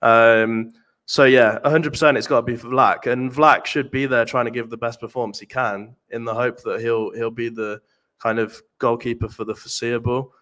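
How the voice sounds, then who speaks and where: A man's voice: mid-range voice, steady tone, normal speed, fairly bright tone. An English man talking earnestly and repeating himself as he thinks, in a casual chat on a live fan stream. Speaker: panelist on a fan show.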